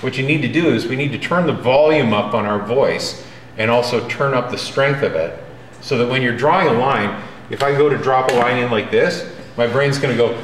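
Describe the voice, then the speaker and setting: A man's voice: mid-range voice, moderate pace, a little hiss or hum. Emphatic man lecturing in an echoey classroom. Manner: direct, emphatic, often checks in with "okay?". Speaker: drawing instructor. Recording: roomy classroom with faint ambience.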